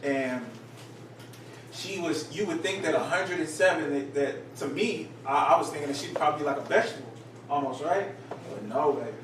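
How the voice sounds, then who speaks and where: Male group leader, lively storyteller, slightly high voice, picked up from a distance in an echoey, noisy room. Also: moderate pace. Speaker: teacher leading a group study. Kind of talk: casual group teaching.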